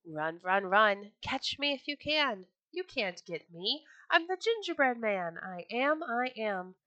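A woman's voice: on the high side, big pitch swings, measured pace, a bit bright, dry recording, muffled recording. A woman voicing a cheeky, boastful gingerbread boy who taunts his chasers in a sing-song chant. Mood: taunting.

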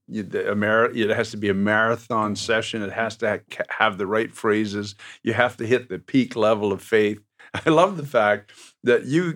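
A man's voice: on the low side, a bit bright. A man hosting a faith talk show, encouraging his guest in a preacher's cadence. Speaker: host.

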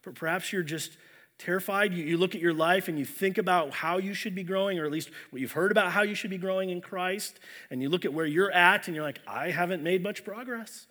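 Bright-voiced man preaching a sermon. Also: sits high, quick pace. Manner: earnest, storytelling with many restarts. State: unwell. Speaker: pastor. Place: church.

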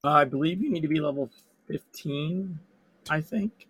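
A hoarse man with a sore throat, chatting and swearing excitedly while playing an online game with friends. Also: a little high, normal speed. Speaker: fellow player. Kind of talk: casual gaming chat.

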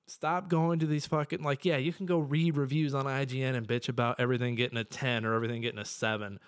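A young man co-hosting a casual podcast, ranting profanely and excitably, with sudden bursts of yelling. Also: medium pitch, fast talker, hardly any pauses, clear, resonant tone. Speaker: podcast co-host.

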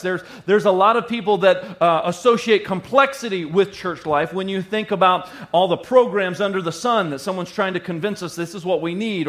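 A man's voice: sits high, fairly bright tone. A middle-aged male pastor preaching a sermon in a playful way, repeating lines for emphasis.

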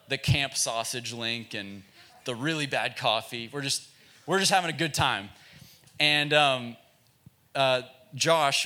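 A man with a bright, forceful voice tells a sermon story in a relaxed, self-mocking way. He talks like a youth pastor chatting with friends, loose and full of filler words. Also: mid-range voice.

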